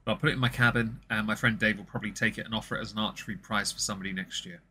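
A man's voice: fairly low pitch, steady tone, very fast, pushed and bright, slight background noise. A man, co-hosting a casual political chat in a blunt, profane, rambling way. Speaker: streamer and co-host.

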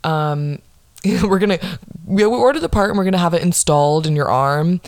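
Woman, young adult, low voice, dry close sound, blunt, exasperated, profane storytelling. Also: brisk, a little mellow, dry recording. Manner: blunt, exasperated, swears constantly. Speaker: podcast host. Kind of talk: profane comedic storytelling monologue.

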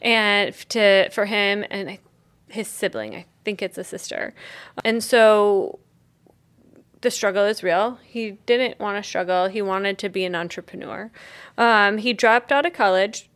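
A woman's voice: medium pitch, unhurried, a bit bright. A woman co-hosting a podcast, telling a researched story in a casual, rambling way with lots of fillers. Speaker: podcast co-host presenting research. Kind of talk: casual chat.

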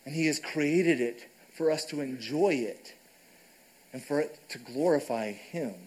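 A man's voice: a little high, measured pace, darkish tone, rough recording. A man preaching a sermon in a church, conversational and casual, often checking in with the congregation. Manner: conversational, frequent "right?" asides. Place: church sanctuary.

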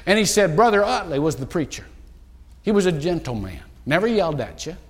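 A man preaching a sermon, telling a story with lively acted-out quotes in an animated storytelling manner. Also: a little high, brisk, slightly rough, in a large hall. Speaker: pastor. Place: church sanctuary.

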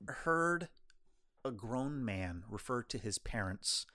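A man's voice: medium pitch, takes it slowly. A man co-hosting a podcast in casual chat, retelling film scenes with lots of laughter. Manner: animated, retells scenes with quoted voices and laughter. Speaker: podcast co-host.

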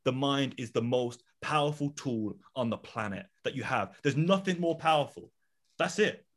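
A young man co-hosting a casual podcast, talking in an animated way and repeating words as he builds up his points. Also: medium pitch, moderate pace. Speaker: podcast co-host.

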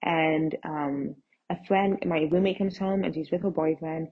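A young woman hosting a podcast, telling a casual story in an animated way and acting out the dialogue, on a dull lo-fi recording. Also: sits low, a little slow, husky. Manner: animated, acts out quoted texts and dialogue. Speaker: podcast host.

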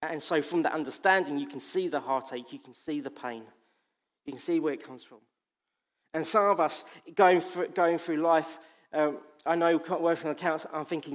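A man's voice: fairly high pitch, moderate pace. A man preaching a sermon in an impassioned, emphatic way, repeating phrases for weight.

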